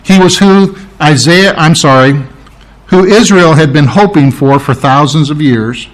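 A man's voice: a little high, unhurried. Man preaching a casual sermon. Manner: conversational, with restarts and self-corrections. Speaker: pastor.

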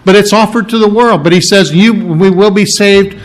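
A man's voice: high voice, moderate pace. Man preaching a verse-by-verse sermon. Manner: explains scripture with repetition and rhetorical questions.

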